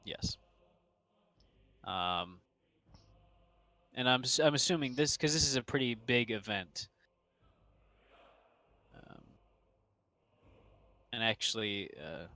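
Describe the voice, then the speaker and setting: Male game master for a tabletop stream; unhurried, filler-heavy delivery, slightly low pitch. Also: pushed and bright, no echo. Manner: slow, hesitant, with many fillers. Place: home streaming setup.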